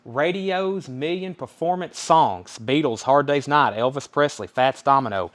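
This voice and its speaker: A man's voice: medium pitch, measured pace, fairly bright tone. Southern man calling record prices. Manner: reads titles and prices, calls buyer names. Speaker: live record sale host. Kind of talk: live-stream sales patter.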